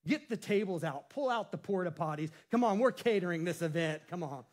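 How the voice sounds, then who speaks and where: A man voicing a calm, commanding religious teacher in a low, unhurried manner while preaching. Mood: confident.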